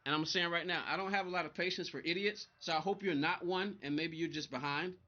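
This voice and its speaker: A man's voice: on the high side, fairly even intonation, fast, hardly any pauses, pushed and bright, highs cut off. A man live-streaming a racing game, chatting loosely with his viewers, irritated and rambling, often repeating himself. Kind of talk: casual live-stream chat reading viewer comments.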